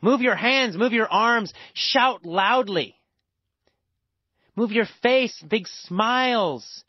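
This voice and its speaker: An American man tells a story as part of a lesson. His voice sits fairly high and swings widely in pitch as he stresses and repeats words. The recording is dry and dull, with a lo-fi edge. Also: no room sound. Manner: emphatic, repeats words for emphasis. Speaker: language teacher.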